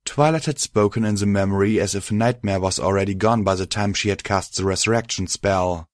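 A man reading a first-person story aloud in a steady, measured way. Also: on the low side, dry recording, clean studio sound. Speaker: reader. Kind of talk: first-person fan fiction audiobook narration.

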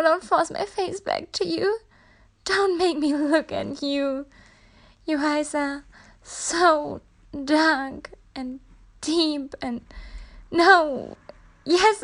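A woman voicing a proud, defiant young captive princess in an adult audio role-play, breathy and gasping as she pleads. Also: high voice, fairly bright tone, full character voice.

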